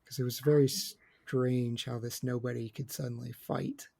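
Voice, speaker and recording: A man's voice: mid-range voice, fairly even intonation, moderate pace, creaky, dark tone. A man co-hosting a casual film podcast roundtable, chatty and opinionated with joking asides. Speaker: podcast co-host.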